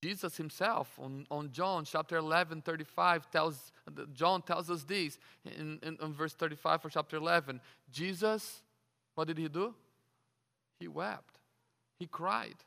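A man delivers a sermon in a high, bright voice. He keeps asking his listeners questions and stumbles over repeated words as he goes. A long reverb trails after each phrase. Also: unhurried, vocal fry. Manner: rhetorical questions, frequent word repeats. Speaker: preacher.

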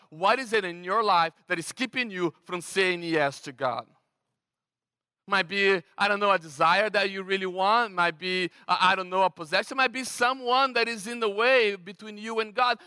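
Brazilian-accented male pastor, high, crisp voice, chatty animated sermon, long hall reverb. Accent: Brazilian Portuguese. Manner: conversational, animated preaching with frequent restarts.

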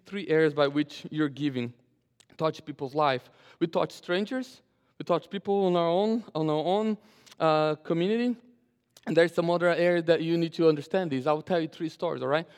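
A male pastor preaching a sermon and telling a story, animated, often restarting and repeating his phrases. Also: on the high side, smooth, long reverb tail. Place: church sanctuary.

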